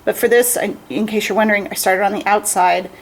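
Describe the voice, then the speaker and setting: A woman's voice: mid-range voice, fairly even intonation, fast talker, poor audio. A woman who owns a craft shop, hosting a casual livestream demonstration in a chatty, upbeat way and laughing often.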